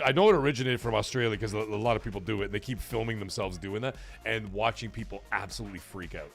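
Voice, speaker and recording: A man's voice: lowish voice, racing, gravelly, few pauses, faint music behind. A man hosting a casual live stream, chatting with viewers, rambling with many fillers and restarts and swearing freely. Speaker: streamer and show host.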